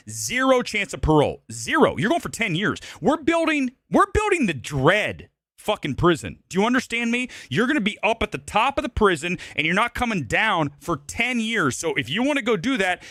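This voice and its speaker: A man's voice: high-pitched, fairly bright tone, no room sound, clean studio sound. Blunt, ranting male live-stream host. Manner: blunt, combative, profane, emphatic repetition. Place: Los Angeles.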